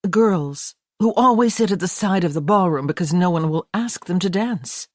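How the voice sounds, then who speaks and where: A woman's voice: on the low side, lively intonation, normal speed, dry recording. A bold young American woman with a dry, self-assured wit, her voice a little raised above the plain telling as a woman narrator puts her on. Her delivery lilts with expression, close and dry on the microphone.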